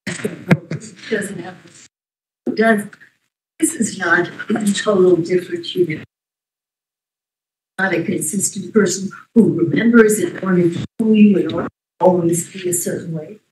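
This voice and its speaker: A woman giving expert testimony in a courtroom under cross-examination, halting and often trailing off mid-sentence. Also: on the low side, a little mellow, slight background noise. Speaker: expert witness. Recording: roomy, distant courtroom audio.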